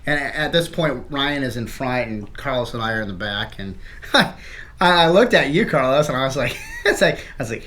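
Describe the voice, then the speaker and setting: A man's voice: medium pitch, sing-song, moderate pace, pushed and bright, a little hiss or hum. Young man telling a story between laughs. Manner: laughing, profane, acts out quotes. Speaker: podcast co-host. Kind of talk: casual storytelling chat.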